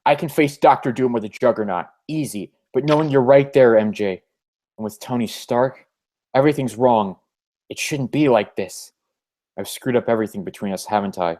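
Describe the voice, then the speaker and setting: A man's voice: medium pitch, normal speed, dark tone, close to an everyday voice. Guy doing a nervous young superhero from a comic, all self-doubt. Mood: flustered. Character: anxious young male superhero at a gala.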